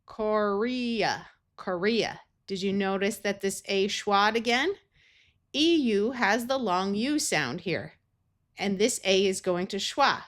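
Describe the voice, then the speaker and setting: A woman's voice: mid-range voice, animated, takes it slowly. An American woman teaching a phonics lesson, sounding out words carefully in parts. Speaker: reading tutor.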